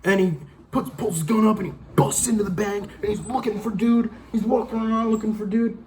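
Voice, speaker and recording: A man's voice: high voice, steady tone, brisk, mellow, a little hiss or hum. A young man giving a casual, profane, rambling movie review, exasperated and acting out lines from the film. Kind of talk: casual rant-style review.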